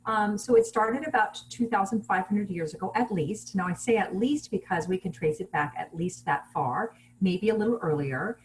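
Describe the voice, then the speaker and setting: A woman giving a relaxed online lecture over a video call, explaining things plainly with fillers and restarts. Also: mid-range voice, moderate pace, few pauses, slight background noise, rough recording. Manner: casual teaching with fillers and restarts.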